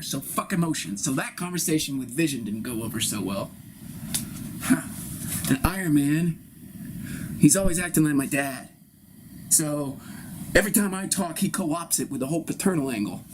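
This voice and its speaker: A man's voice: on the high side, expressive, normal speed, long pauses, noisy background. A man performing an improvised comic monologue, rambling and conspiratorial, cursing freely. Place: live-streamed solo performance.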